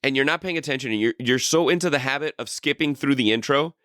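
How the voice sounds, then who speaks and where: Bright, rambling, profane male podcaster. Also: medium pitch, fast, no room sound, studio quality. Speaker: podcast co-host. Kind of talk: casual chat.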